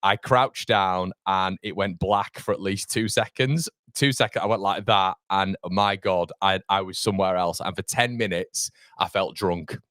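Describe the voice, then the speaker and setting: A man's voice: sits low, steady tone, measured pace, fairly bright tone, no room sound, studio quality. A young man hosting a live football fan stream, rambling and chatty, reading out viewer comments while feeling a bit fuzzy from a mild concussion. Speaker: fan channel host.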